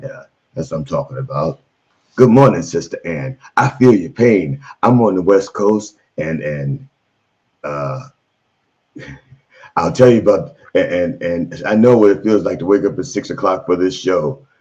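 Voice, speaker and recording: Super deep voiced guy doing a raunchy joke sermon, rambly, kinda muffled lo-fi audio. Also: lively intonation, measured pace, a little mellow. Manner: bawdy preacher patter, rambling asides. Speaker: comedic preacher host. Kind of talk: irreverent live-stream comedy sermon. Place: on the road, in a room away from home. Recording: dull lo-fi stream audio.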